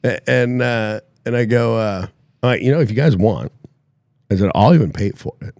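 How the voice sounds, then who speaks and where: A man's voice: mid-range voice, normal speed, darkish tone, no echo, studio quality. A man hosting a podcast, telling a long story in a boastful, mocking way and laughing at his own jokes. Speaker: podcast host. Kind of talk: casual storytelling chat.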